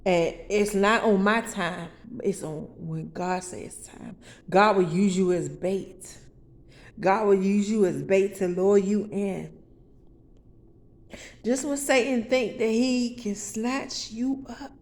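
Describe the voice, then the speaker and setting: Slow-talking woman, rambling and profane. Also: medium pitch, a little mellow. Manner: rambling, profane, preaching with sudden outbursts; stumbles and restarts words. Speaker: vlogger. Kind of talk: rambling confessional monologue.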